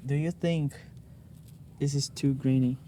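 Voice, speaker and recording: A man's voice: mid-range voice, fairly even intonation, unhurried, dark tone. A man learning filmmaking, chatting casually in brief, curious questions and short replies. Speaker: beginner filmmaker. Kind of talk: casual chat.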